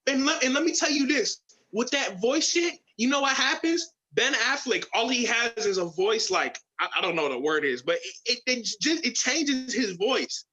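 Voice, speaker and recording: A man co-hosting a casual podcast. He argues in an animated, opinionated way and stumbles over his words. His voice is bright and forward, heard through a slightly dull, lo-fi recording. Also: very high-pitched, moderate pace. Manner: animated, opinionated, mocks voices with gravelly whispers. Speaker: podcast co-host. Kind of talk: casual chat.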